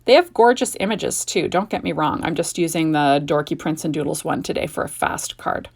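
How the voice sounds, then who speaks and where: A woman's voice: deep voice, animated, a little fast, creaky, a little mellow. Chatty middle-aged woman crafting. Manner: chatty, gushing, rambling asides. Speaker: card-making video host. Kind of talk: casual craft tutorial chat.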